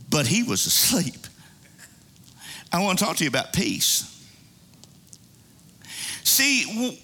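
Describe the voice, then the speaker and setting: A man's voice: mid-range voice, very animated, slow, pauses often, pushed and bright. A man preaching a sermon in a conversational way, calling out to the congregation. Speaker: pastor.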